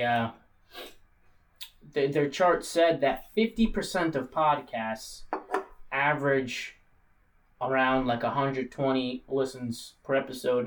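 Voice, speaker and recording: A man's voice: mid-range voice, recorded from a distance. A man hosting a casual podcast, rambling and joking, often laughing as he talks. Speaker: podcast host.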